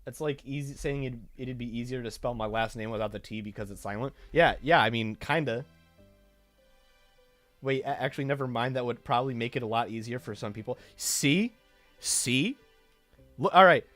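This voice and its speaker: A man's voice: mid-range voice, brisk, a bit bright, faint music behind. A man streaming a game and chatting casually, breaking into heated, swearing rants. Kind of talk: casual gameplay commentary.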